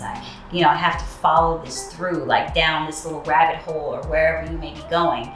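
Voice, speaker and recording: A woman telling a personal story in casual chat, relaxed and full of fillers. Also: low-pitched, a little fast, few pauses, reverberant, faint music behind. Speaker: co-host.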